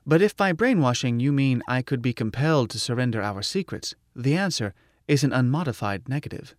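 A courteous male computer mind, voiced by a man reading a story aloud talks in careful, exact phrases at a middling pitch. The sound is dry and close, with no room around it. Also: lively intonation, brisk, dry recording, close to an everyday voice. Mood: earnest. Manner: formal, precise and literal. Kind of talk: audiobook narration.

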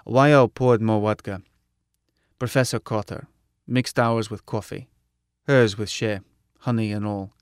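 A man's voice: lowish voice, steady tone, measured pace, pauses often, clear, resonant tone, no room sound, clean studio sound. A man narrating a story in the first person, with blunt, clipped phrasing. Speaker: audiobook narrator.

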